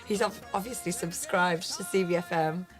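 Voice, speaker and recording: A woman's voice: fairly low pitch, fairly even intonation, moderate pace, soft background music. A woman co-hosting a community radio drive-time show, reading listener messages in a chatty, giggly, self-deprecating way. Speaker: radio co-host.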